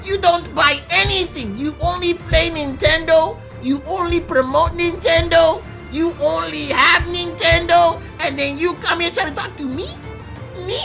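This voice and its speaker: A man putting on a shrill, indignant online troll, shouting and squealing in mockery. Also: unhurried, vocal fry, faint music behind, exaggerated voice. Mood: outraged mockery.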